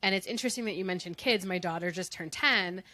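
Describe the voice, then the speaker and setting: A woman's voice: on the low side, fast talker, sharp tone. A woman in her thirties, a podcast producer, chatting casually and mimicking her daughter. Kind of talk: casual chat.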